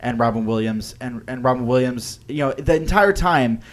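A man in casual conversation on a film podcast, his voice sitting at an ordinary middle pitch. He talks loosely and hesitantly, circling back, restarting sentences, and filling pauses with "um" and "like.". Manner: hesitant, lots of "like" and "um" with frequent restarts. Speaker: podcast co-host. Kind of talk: casual film-discussion chat.

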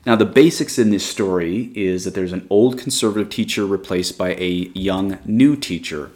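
Low-voiced man with a drawl reading a story. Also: moderate pace, darkish tone. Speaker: reader. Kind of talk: reading a short story aloud.

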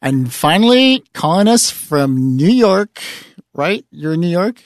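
A man's voice: on the high side, very animated, unhurried, no echo. A man hosting a podcast in a studio, chatting loosely with his guests and laughing often. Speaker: podcast host. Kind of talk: casual podcast chat.

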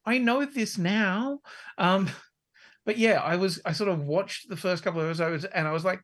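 A woman's voice: medium pitch, normal speed. A woman co-hosting a podcast in casual chat, rambling, swearing freely and laughing often. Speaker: podcast co-host.

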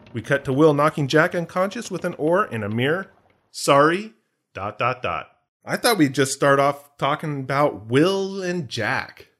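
Animated rambling male podcast host. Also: a little high, normal speed. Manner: animated, rambling, self-deprecating. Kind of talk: casual chat.

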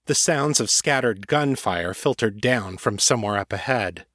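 A man reading an audiobook in a steady, measured narrating voice. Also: fairly low pitch, no echo, studio quality.

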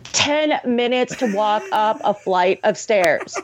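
A woman's voice: mid-range voice, animated, slow pace. A woman co-hosting a casual film-review podcast, ranting and swearing, and mocking scenes in put-on voices. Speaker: podcast co-host. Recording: dry, dull lo-fi sound.

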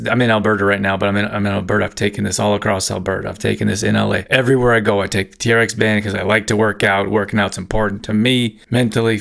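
A man in his forties, a fitness coach, telling a story to camera in a rambling, self-correcting way, with quick laughs. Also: on the low side, fairly bright tone. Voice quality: gravelly. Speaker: fitness coach and health business owner.

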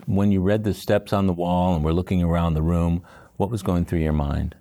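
A man's voice: sits low, fairly even intonation, a little fast, warm tone, no room sound, clean studio sound. A man hosting a casual interview, asking short follow-up questions and offering brief affirmations. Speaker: podcast host and interviewer.

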